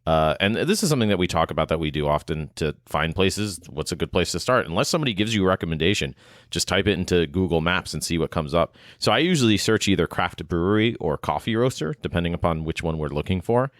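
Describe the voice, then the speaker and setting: Deep-voiced man, rambling podcast chat. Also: animated, fast, no room sound, clean studio sound. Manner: rambling, hesitant, frequent fillers and restarts. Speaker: podcast co-host.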